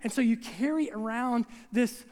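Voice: mid-range voice, moderate pace, darkish tone, long reverb tail. A preacher giving a conversational sermon who acts out scenes and keeps checking in with the congregation, recorded in a church sanctuary.

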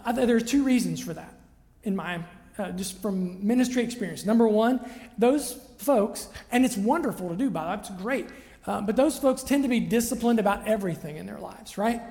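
This pastor's high-pitched voice is creaky and a little mellow as he delivers a chatty, conversational sermon. He keeps asking "right?" to check in with listeners, and a large hall gives his voice a long reverb.

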